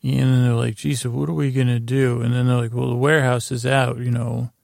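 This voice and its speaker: A man hosting a sleep podcast, recapping a TV episode in a halting, rambling way with lots of fillers and restarts. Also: vocal fry, dry recording, studio quality. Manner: low-key, flat retelling of dialogue. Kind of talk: meandering bedtime recap of a TV episode.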